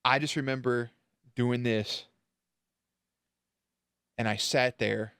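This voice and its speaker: A man's voice: mid-range voice, fairly even intonation, slow, a bit bright, clear, resonant tone, no room sound. Candid, emotional man vlogging, dry sound. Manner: emotional, candid retelling with casual swearing. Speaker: reaction channel host. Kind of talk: casual storytelling to camera.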